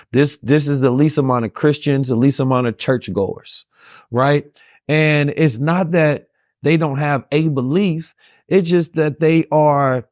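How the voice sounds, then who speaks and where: A man's voice: on the high side, a little mellow, no room sound, clean studio sound. A man hosting a conversation, speaking in long musing stretches and often checking in with "right?". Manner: repeats "right?" often, fast musing delivery. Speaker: host. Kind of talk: casual conversational talk.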